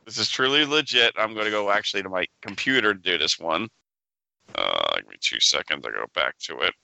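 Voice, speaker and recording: A man's voice: low voice, big pitch swings, fairly quick, creaky, bright, forceful tone, dry recording, poor audio. A man co-hosting a casual pinball podcast, joking around and reading listener emails aloud. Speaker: podcast co-host. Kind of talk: casual chat.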